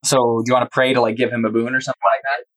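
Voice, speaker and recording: A man's voice: medium pitch, flat delivery, rapid-fire, a bit bright, low-quality recording. A man running a tabletop game as game master, narrating casually with frequent restarts.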